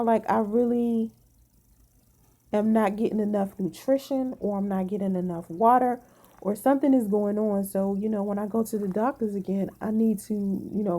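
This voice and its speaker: A woman's voice: medium pitch, fairly even intonation, normal speed, dark tone. A woman vlogger venting to her viewers in casual talk, blunt and emphatic, swearing freely, sounding tired.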